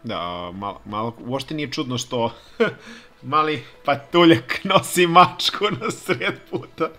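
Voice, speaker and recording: A man giving casual gameplay commentary in quiet, mumbled asides. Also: medium pitch, expressive, slow pace, long pauses, faint music behind. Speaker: let's play gamer.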